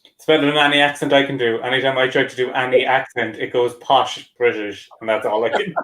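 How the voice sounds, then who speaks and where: A man hosting a podcast in relaxed, casual chat and laughing easily. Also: medium pitch, a little fast. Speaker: podcast host. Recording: echoey room.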